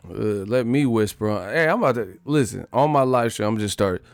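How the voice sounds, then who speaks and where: A man's voice: fairly low pitch, animated, fairly quick, no room sound. A man hosting his boxing channel in a casual live-stream rant, profane and joking, breaking into laughter.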